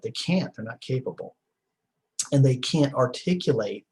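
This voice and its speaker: A man's voice: mid-range voice, darkish tone, slightly rough, low-quality recording. A middle-aged man giving a recorded class lecture in a rambling, conversational way, with many fillers and restarts. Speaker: teacher.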